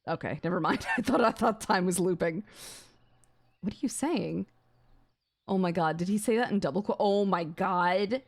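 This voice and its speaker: A young adult woman streamer reading a visual novel aloud on a gaming stream, excitable and swearing between gasps and laughs. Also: lowish voice, moderate pace, vocal fry, long pauses, breathy edge.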